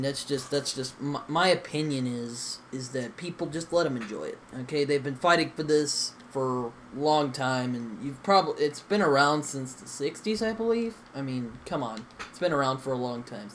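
A man's voice: mid-range voice, normal speed, hardly any pauses, fairly bright tone, a little hiss or hum. A young man hosting a gaming session, chatting casually with friends in a rambling, hesitant way full of fillers and restarts. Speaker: gaming channel host.

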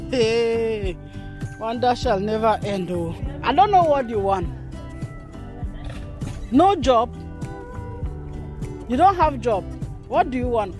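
A woman vlogging on a handheld phone at an outdoor market, talking chattily to viewers and laughing often. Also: a little high. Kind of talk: casual walking vlog. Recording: music playing under the voice. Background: background music.

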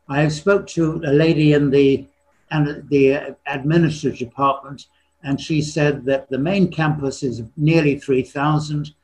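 A man in his eighties giving a slide lecture on history, pausing often and clearing his throat between phrases. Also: on the high side, steady tone, a little mellow, slight background noise, rough recording. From born in China, raised partly in England. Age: 80s. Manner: frequently clears his throat, halting with restarts. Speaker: retired surgeon giving a history talk.

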